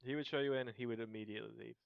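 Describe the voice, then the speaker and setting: A man's voice: mid-range voice, fairly even intonation, racing, vocal fry, clear, resonant tone. A man narrating a tabletop role-play as game master, casual and rambling with lots of fillers. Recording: dull lo-fi stream audio.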